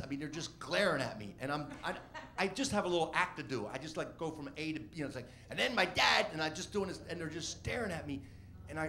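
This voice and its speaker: A comedian telling a rambling, animated story about his early stand-up gigs. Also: on the high side, a little hiss or hum. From Washington D.C. area. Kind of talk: storytelling interview.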